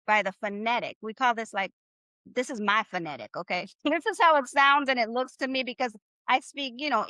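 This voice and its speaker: A Spanish teacher runs a live online class in a high, bright voice, upbeat and encouraging as she stretches phrases out slowly for students to repeat. The sound is dry and close, like a video call, with no echo.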